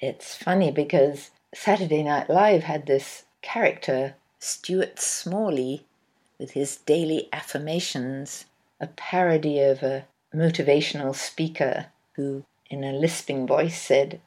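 A woman hosting her own radio show, giving a measured, reflective monologue. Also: low voice, a little mellow.

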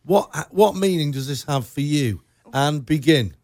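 A man's voice: on the high side, lively intonation, measured pace, a little mellow, no echo, studio quality. A man hosting a radio show, chatting casually and joking with his guest, laughing often. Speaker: radio host. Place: radio studio.

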